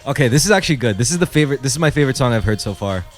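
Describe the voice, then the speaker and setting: Animated and rapid-fire, this podcast co-host has a mid-range voice. He reacts to music videos in a casual chat, his commentary loose, profane, and wandering.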